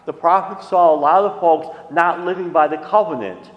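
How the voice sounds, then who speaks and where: A man's voice: fairly high pitch, normal speed, reverberant, big-room sound, dull audio. A man giving a sermon as a priest, in a conversational way with folksy asides. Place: church.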